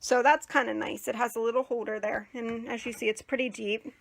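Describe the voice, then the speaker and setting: A young woman hosting a casual crafting tutorial, chatty and rambling with many fillers, and a bit hoarse as she is losing her voice. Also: on the high side, fairly even intonation, fairly quick. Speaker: crafting channel host.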